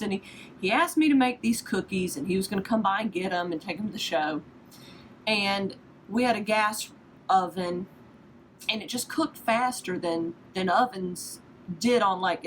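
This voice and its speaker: A woman's voice: on the low side, a little hiss or hum, low-quality recording. A woman, hosting a casual devotional podcast in a chatty, self-deprecating storytelling manner. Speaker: podcast host.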